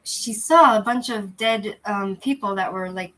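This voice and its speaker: A woman's voice: medium pitch, unhurried, pushed and bright, rough recording. A woman hosting a casual livestream chat, rambling and restarting as she talks to viewers through a cheap, lousy microphone. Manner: rambling, loose and chatty, often restarting. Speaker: channel host chatting with viewers.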